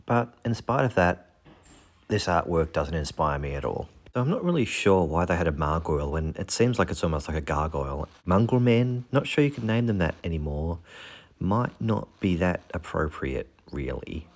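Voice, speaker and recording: A man's voice: sits low, very animated, moderate pace. A man casually talking through fantasy monster art, joking and making puns along the way. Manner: jokey, punning, self-deprecating. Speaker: channel host.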